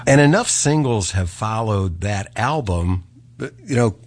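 A male radio host interviewing a musician in a relaxed, chatty way. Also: on the low side, measured pace.

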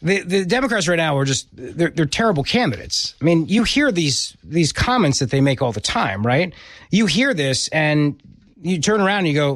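A middle-aged man hosts political talk radio in an emphatic, opinionated way, often doubling up words as he drives a point home. His voice sits a little high for a man. The sound is dry and close, with no room echo. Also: sing-song, a little fast, fairly bright tone. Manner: emphatic, repeats words when pressing a point. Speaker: radio talk show host.

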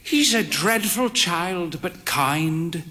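A woman's voice: fairly low pitch, animated, very slow, pushed and bright, voice pushed up, heavily acted. A man voicing a frail, proud older woman with a grand, drawling, theatrical manner.

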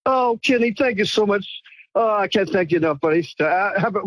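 A man's voice: high-pitched, expressive, fairly quick, fairly bright tone, dry recording. A man calling in to a radio show, emotional and grateful, stammering as he talks. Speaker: caller. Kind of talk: phone-in call to radio show.

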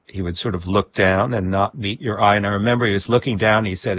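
A man recalling personal memories in a reflective interview, with a husky voice and soft laughs. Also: lowish voice, fairly even intonation, fast, hardly any pauses, no room sound, dull audio. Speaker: guest. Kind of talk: reflective storytelling.

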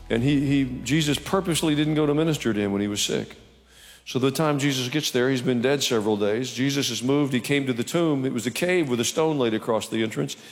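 A male pastor preaching a sermon in church, conversational with humorous asides. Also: mid-range voice. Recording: reverberant church hall.

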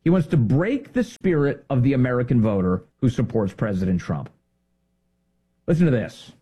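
Man, political commentary host, emphatic and indignant, lively swoops in pitch, warm husky voice. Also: moderate pace.

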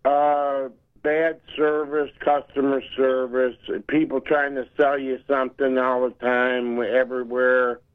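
A man calling in to a radio show, ranting indignantly and halting over his words with many fillers. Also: medium pitch, flat delivery. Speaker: radio call-in caller. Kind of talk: phone-in rant. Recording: tinny phone line.

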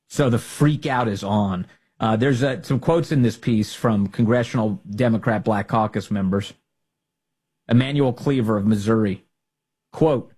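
A man with a husky, mid-range voice hosts an emphatic, sarcastic political opinion monologue. He mocks others by quoting them in put-on voices.

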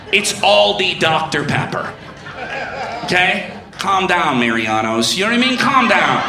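High lively man riffing in a roomy club. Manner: riffing with the crowd, mock apologetic. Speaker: stand-up comedian. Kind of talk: stand-up comedy set. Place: comedy club stage with audience.

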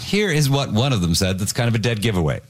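A man hosting a comedy news quiz, wry and brisk, reading out headlines. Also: on the low side, sing-song. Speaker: quiz host.

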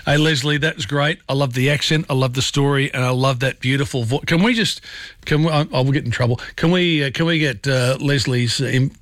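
A man's voice: medium pitch, brisk, fairly bright tone, no room sound. A man hosting a talkback radio show, chatty and encouraging with callers.

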